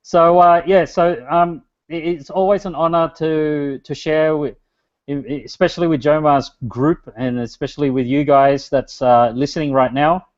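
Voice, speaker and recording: A man's voice: a little high, fairly even intonation, normal speed. A man, giving a loose, chatty webinar talk as a guest speaker and speaking to an online chat. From Australia. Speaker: guest speaker, business strategist. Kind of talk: webinar presentation. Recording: dull lo-fi webinar audio.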